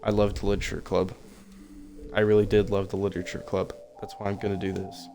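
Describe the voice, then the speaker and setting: A man reading aloud the lines of a desperate, lovesick teenage girl from a game, in a plain, flat voice. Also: lowish voice, quick pace, a little hiss or hum, natural voice. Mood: remorseful.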